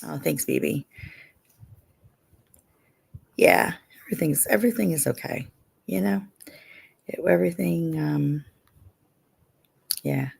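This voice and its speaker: A woman's voice: low-pitched, unhurried, vocal fry, long pauses, darkish tone, husky. A middle-aged woman hosting a live stream, chatting casually with viewers and often saying "you know".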